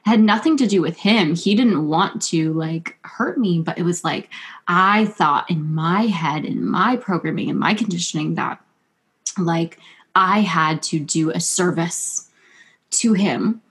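A woman's voice: fairly low pitch, unhurried. A woman hosting a podcast, effusive and gushing, often laughing and saying "like". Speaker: podcast host. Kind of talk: intimate podcast conversation.

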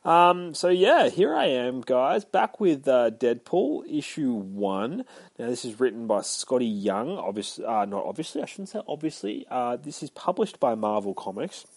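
A man's voice: mid-range voice, big pitch swings, a little slow, a little mellow, slightly rough, no echo. A man giving a casual, rambling comic book review, swearing freely and retelling scenes with energy.

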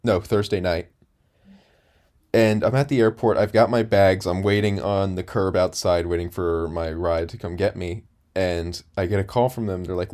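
A young man in his twenties, chatting casually as a podcast co-host. His voice sits a little low, and he rambles through his story with plenty of fillers and restarts. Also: fairly even intonation, moderate pace, darkish tone. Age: 20s. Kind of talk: casual chat.

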